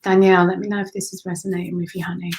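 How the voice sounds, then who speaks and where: A woman doing live spiritual readings for viewers, speaking softly and affectionately, with sighs and drifts into whispers. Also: fairly low pitch, flat delivery, rapid-fire, background noise. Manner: emotional, breathy sighs and gushing warmth. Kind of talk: live-streamed channelled readings.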